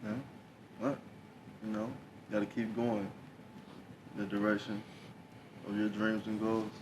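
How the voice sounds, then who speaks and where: Flat, slow young man far off-mic. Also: on the low side. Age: young adult. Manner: soft-spoken, halting. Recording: distant from mic, background noise.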